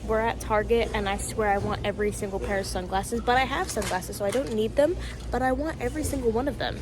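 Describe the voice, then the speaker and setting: A woman casually vlogging to camera from her phone, excitable and playful, swearing now and then. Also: mid-range voice, fast talker, over music. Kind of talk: casual vlog chatter to camera. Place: stores, streets and a theme-park district.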